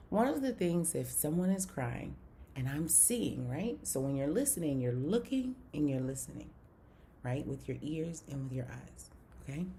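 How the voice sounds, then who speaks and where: A woman's voice: fairly low pitch, gravelly, warm tone, slight background noise. A woman teaching a recorded video lesson, who often repeats herself, keeps checking in with "right?" and sometimes refers to herself in the third person. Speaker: online course teacher.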